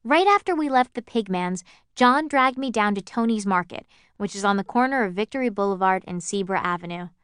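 A woman's voice: mid-range voice, lively intonation, fairly quick, a bit bright, smooth, dry recording, clean studio sound. A woman narrating a novel in the first person, in a wry, observant tone. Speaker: audiobook narrator.

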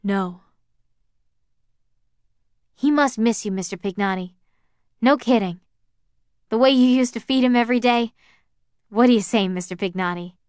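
A woman's voice: a little high, a little slow, long pauses, a little mellow, smooth, no echo, studio quality, natural voice. A woman playing an earnest, pleading teenage boy. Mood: coaxing. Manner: earnest, pleading, slightly raised voice. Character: nervous, eager teenage boy.

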